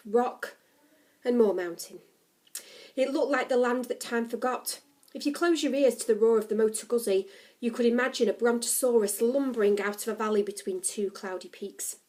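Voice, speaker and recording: A woman reading a novel aloud, narrating the story in a steady, expressive way. Her voice sits a little on the high side. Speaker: story reader.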